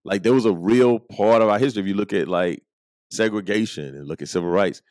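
A man hosting a casual talk show, telling stories in an animated way and acting out his friends' lines with quick laughs. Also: fairly low pitch, dry recording. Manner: animated, acts out quoted friends, chuckles often. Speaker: podcast host. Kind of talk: casual storytelling monologue.

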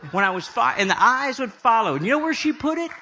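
High, bright-voiced joking preacher man. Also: quick pace, a little hiss or hum. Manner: jokey, animated, self-deprecating asides. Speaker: prophetic speaker. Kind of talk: humorous sermon storytelling.

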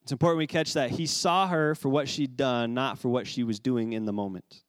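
A man's voice: medium pitch, fairly even intonation, brisk, no room sound. A man preaching a sermon as pastor, in a conversational way with casual asides.

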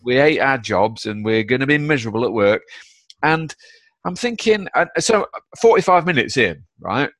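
A man, a guest author, telling stories in a blunt, energetic, chatty way with the odd swear word. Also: medium pitch, normal speed, no echo. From United Kingdom. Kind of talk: casual chat, storytelling.

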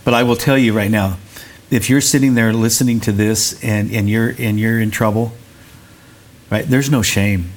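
A man's voice: lowish voice, steady tone, normal speed. A middle-aged man, a recovery center director and pastor, speaking as an interview guest in an earnest, preacherly way and often repeating words as he searches.

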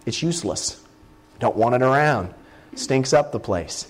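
A man preaching a sermon as a Bible word study, talking conversationally and slowing down to stress key words. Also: mid-range voice, animated.

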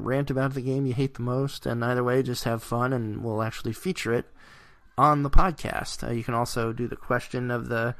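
Brief: gravelly male podcast host, dry close sound, easygoing chat with fillers. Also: medium pitch, no room sound. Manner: relaxed, laughs often, filler words.

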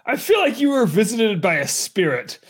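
A man chatting casually as a podcast co-host, dropping playful, deadpan quips. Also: high voice, moderate pace, husky. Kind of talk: casual chat.

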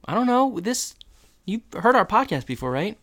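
A man's voice: sits high, big pitch swings, moderate pace, fairly bright tone. Playful, teasing man on a podcast. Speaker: podcast co-host. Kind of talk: casual chat.

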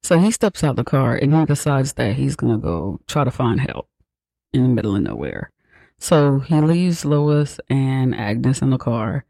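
A podcast host retells a film in a casual, profane, sarcastic, slangy way. His voice is medium-pitched, gravelly and dark, and the recording is dry.

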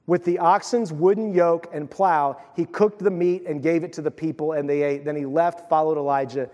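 Male pastor, high voice, animated storyteller, long hall reverb. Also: normal speed. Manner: animated storytelling, acts out voices, drops to a soft hush. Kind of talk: sermon.

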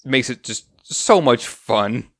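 A man's voice: medium pitch, slow pace, no echo, clean studio sound. A man in casual podcast talk, rambling through a movie review with restarts. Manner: rambling, restarts, animated retelling. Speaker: podcast co-host.

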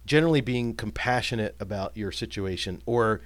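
A man's voice: fairly low pitch, moderate pace, dry recording. A man co-hosting a casual film discussion, recapping scenes and musing aloud, livening up when he quotes lines. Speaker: podcast co-host.

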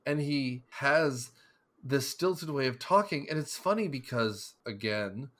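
A man co-hosting a podcast, talking in loose, rambling casual chat full of jokes and digressions. His voice sits at an ordinary middle pitch. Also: lively intonation, unhurried, a bit bright. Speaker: podcast co-host.

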